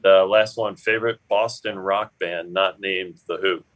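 A man hosts a casual chat in a very low, deep voice. He talks in a measured way with dry humor. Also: steady tone, fairly bright tone, rough recording. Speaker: host.

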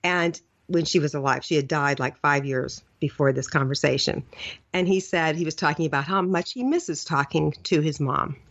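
A middle-aged woman hosting a podcast, telling a lively personal story in a casual way, laughing now and then, recorded in a hotel room. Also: deep voice, moderate pace. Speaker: podcast host. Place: hotel room, seated on the floor. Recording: dull lo-fi recording.

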